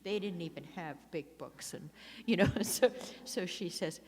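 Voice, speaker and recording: Lower-voiced woman, laughing meeting speaker. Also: measured pace. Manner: rambling storytelling with frequent laughs and restarts. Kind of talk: personal recovery talk to a meeting. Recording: long hall reverb.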